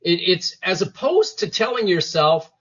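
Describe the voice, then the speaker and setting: A man with a husky, fairly high voice speaks in a motivational interview. His pitch swings widely as he acts out inner voices and quotes. The sound is dull and lo-fi. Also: very animated, unhurried, fairly bright tone. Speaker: interview guest, former police detective.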